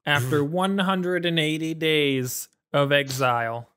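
Smooth-voiced male co-host, wry. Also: on the high side, fairly even intonation, slow, fairly bright tone. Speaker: podcast co-host. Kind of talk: casual chat.

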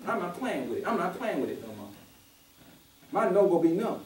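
High-voiced animated preacher, roomy hall. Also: male voice, brisk, a crowd in the background. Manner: animated storyteller who acts out quoted voices, casual dialect. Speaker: pastor. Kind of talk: conversational sermon. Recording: roomy church audio from a distance.

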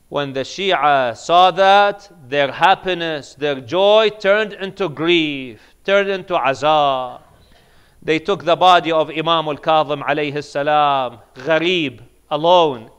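A man giving a sermon, moving between hushed grieving tones and loud, emphatic preaching, with Arabic devotional phrases woven in. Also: mid-range voice, smooth. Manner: swings from hushed, near-whispered grief to loud, emphatic preaching. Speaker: imam giving a majlis sermon.

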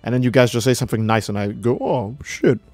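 A young man live-streaming a game, chatting casually and reading out donations, laid-back and profane, his voice jumping high when he gets excited. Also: very fast, dry recording, soft background music.

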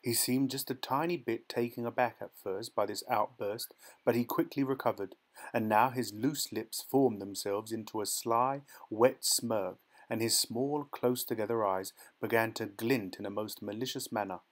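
A man narrating a dark short story as an audiobook, in a measured, dramatic storytelling manner. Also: on the low side, low-quality recording. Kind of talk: scripted narration.

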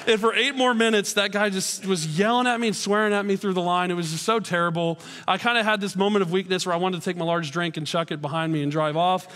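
High-voiced man preaching in a big hall. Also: fairly bright tone. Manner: storytelling with self-deprecating humor. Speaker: pastor. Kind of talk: sermon. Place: church auditorium. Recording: long hall reverb.

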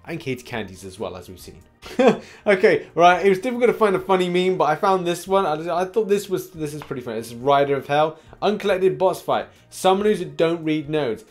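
A man's voice: fairly high pitch, very animated, brisk, soft background music. A man hosting a casual gaming news show, rambling and laughing often, with a slight cough.

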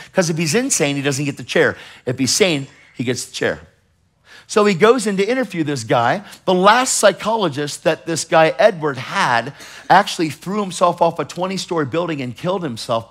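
A middle-aged male preacher delivering a sermon with a slightly higher-than-usual voice. He presses his points with emphatic urgency, swinging between loud pushes and hushed asides. While telling stories he briefly acts out the people in them. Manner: acts out others in quoted voices while storytelling.

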